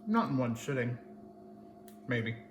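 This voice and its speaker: A man's voice: mid-range voice, very animated, takes it slowly, echoey room, a little hiss or hum. A man hosting a casual home cooking demo, chatty and playful as he talks to viewers. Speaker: cooking channel host. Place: home kitchen.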